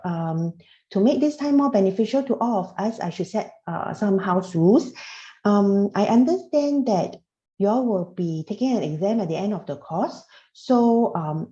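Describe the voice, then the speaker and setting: A woman's voice: lowish voice, warm tone. Hesitant woman lecturing over a muffled call. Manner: hesitant, many fillers and restarts. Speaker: tax course lecturer. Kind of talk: online lecture. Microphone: computer mic on a video call. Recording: roomy, dull lo-fi video call audio.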